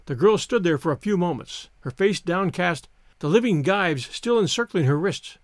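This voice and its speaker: A male narrator reading a historical tale in a measured, expressive way. His voice is fairly high with lively pitch, recorded dry and close to the mic. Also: no room sound. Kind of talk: scripted audiobook narration.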